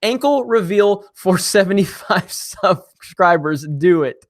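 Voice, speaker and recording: A young man hosting a casual live stream, reading viewer comments and joking with chat in an animated way. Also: sits high, slow.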